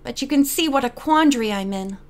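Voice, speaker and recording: A woman's voice: sits high, lively intonation, fast talker. A woman reading as an earnest young girl sleuth. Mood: worried. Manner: earnest, eager. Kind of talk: audiobook reading.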